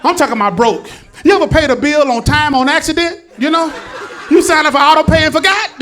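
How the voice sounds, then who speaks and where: A man works a stand-up set, telling rambling everyday stories in a loose, animated way and slipping into quick voices for the people in them. His speaking voice sits very high for a man. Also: a little hiss or hum. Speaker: stand-up comedian.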